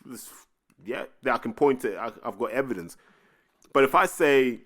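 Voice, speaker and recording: A man hosting a casual podcast, his pitch swinging up and down as he tells his story. His tone is blunt and streetwise, and he swears freely. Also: lively intonation, normal speed, fairly bright tone. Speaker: podcast host.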